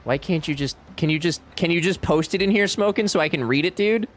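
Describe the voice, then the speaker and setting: A man's voice: a little high, fairly quick. A young man casually commenting on a game he is playing, joking and swearing, and reading game lines in silly accents. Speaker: streamer.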